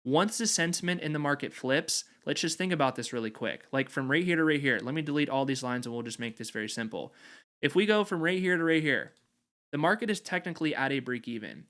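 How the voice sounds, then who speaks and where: A man's voice: on the high side, animated, quick pace, a bit bright. A man hosting an investing channel, explaining strategy over a chart in confident, emphatic, repetitive phrasing.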